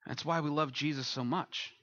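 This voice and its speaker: A man's voice: on the high side, fairly even intonation, normal speed, fairly bright tone, no echo, lo-fi sound. A man as pastor, preaching a sermon and leading a closing prayer, earnest and building to emphatic peaks.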